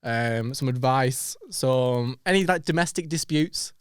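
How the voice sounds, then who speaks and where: A man's voice: medium pitch, measured pace, clear, resonant tone, no echo, clean studio sound. A young man hosting a casual comedy podcast, laughing often and trailing off into fillers. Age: young adult. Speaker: podcast host.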